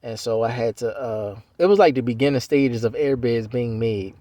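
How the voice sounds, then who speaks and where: A man's voice: medium pitch, moderate pace, mellow, no echo. Rambling middle-aged man telling his story. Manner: loose, conversational, full of "you know" and restarts. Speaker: Navy veteran telling his life story.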